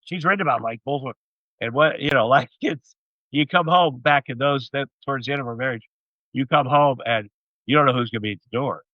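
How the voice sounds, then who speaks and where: A man's voice: medium pitch, brisk, no room sound. A man in his sixties telling a long, rambling anecdote as an interview guest, full of fillers and restarts. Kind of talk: casual storytelling. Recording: dull, slightly muffled audio.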